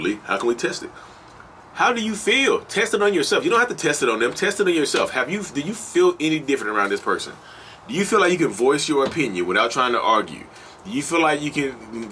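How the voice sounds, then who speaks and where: Animated man preaching to his viewers. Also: medium pitch, a little hiss or hum. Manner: preachy and repetitive, addresses viewers as y'all. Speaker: host of a channel on toxic relationships. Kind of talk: animated casual monologue to viewers.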